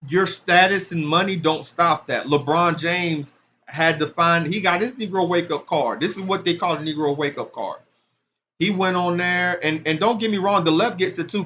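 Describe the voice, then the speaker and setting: A man with a high-pitched voice gives fired-up scripture commentary. He talks loosely, as if to a friend, then hammers his points home like a preacher. A faint hiss sits under the recording. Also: fairly bright tone. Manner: street-talk, rising to emphatic preaching. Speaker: religious commentator. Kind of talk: impassioned casual commentary on scripture.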